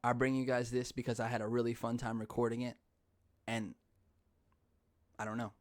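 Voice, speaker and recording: A man's voice: medium pitch, little pitch movement, moderate pace, darkish tone, no echo. A young man hosting a podcast in casual chat, rambling, often laughing and swearing offhandedly. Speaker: podcast host.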